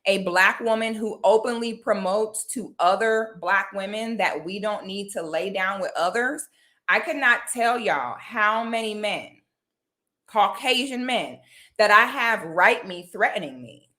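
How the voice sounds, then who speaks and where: A woman's voice: medium pitch, bright, forceful tone. A woman from Florida, talking bluntly and emphatically to her viewers in a casual vlog, often checking in with "okay?". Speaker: commentary vlogger. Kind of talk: casual direct-to-camera talk.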